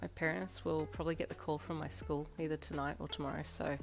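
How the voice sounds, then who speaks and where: A woman voicing a moody, excitable teenage student who grumbles and fills her talk with ums and uhs in a fan audio story. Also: deep voice, fast talker, creaky, soft background music. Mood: grumpy, eager.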